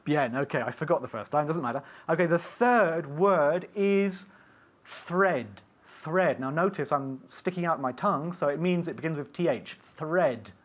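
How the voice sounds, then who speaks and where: A man teaching an English lesson on the radio, saying words slowly and clearly and having his student repeat them. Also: a little high, animated. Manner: slow, clear teacher drilling words for repetition.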